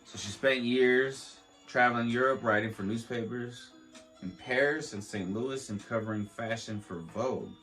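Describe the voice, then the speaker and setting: A man's voice: lowish voice, fairly bright tone, low-quality recording. A man hosting a podcast, reading a history aloud with stumbles, restarts and joking asides. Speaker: podcast host. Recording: faint beat playing under the voice.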